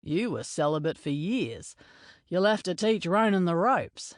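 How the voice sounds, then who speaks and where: A woman doing a deadpan team captain. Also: on the low side, measured pace, dry recording. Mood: dry. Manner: dry, deadpan. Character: male team captain, dry.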